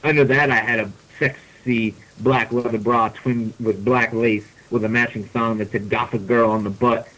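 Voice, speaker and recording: A man's voice: medium pitch, moderate pace, few pauses, poor audio. A man hosting a podcast, reading a fan story aloud for comedy and often breaking into laughter. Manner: reads deadpan, breaking into laughter. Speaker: podcast host.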